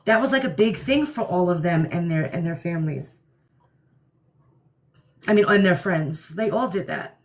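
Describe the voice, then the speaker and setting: A woman's voice: on the low side, animated, moderate pace, long pauses. A woman from New Jersey with a New York-area accent, hosting a casual livestream and answering viewer comments in a blunt, opinionated way. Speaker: livestream host.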